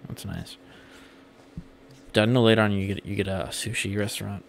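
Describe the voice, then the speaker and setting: A man's voice: on the low side, steady tone, normal speed, vocal fry, slight background noise. A young man casually chatting with viewers while he plays a game on a livestream, rambling loosely and swearing now and then. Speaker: streamer. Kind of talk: casual gameplay livestream chat.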